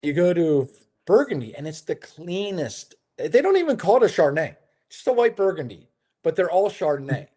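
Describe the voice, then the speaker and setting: A man's voice: a little high, very animated, normal speed, warm tone. A man, a hotel developer, talking casually as an interview guest, telling long stories with a lot of fillers and restarts. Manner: chatty storyteller, many fillers and restarts. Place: his home in Lisbon.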